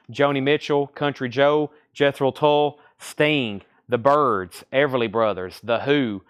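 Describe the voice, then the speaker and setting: In a medium-pitched, clean voice, a man with a Southern drawl hosts a live-stream record sale from a store. He reels off albums and prices one after another, with friendly asides thrown in.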